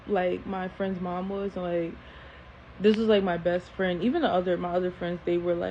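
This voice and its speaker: A woman tells a personal story on camera in a casual, animated way, often repeating phrases for emphasis. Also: on the low side, normal speed, gravelly. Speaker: storytime host. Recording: dull lo-fi sound with faint hiss.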